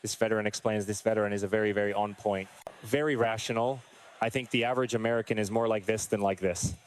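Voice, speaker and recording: A man's voice: fairly low pitch, fairly even intonation, fast talker. Exasperated male political commentator. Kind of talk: online news commentary.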